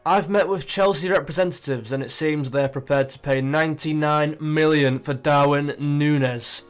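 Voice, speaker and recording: A young man talks through his football management game in a chatty, excitable way, thinking out loud as he goes. His voice sits a little high for a man, with faint music playing underneath. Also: moderate pace, clear, resonant tone. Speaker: gaming YouTuber. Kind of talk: casual gameplay commentary.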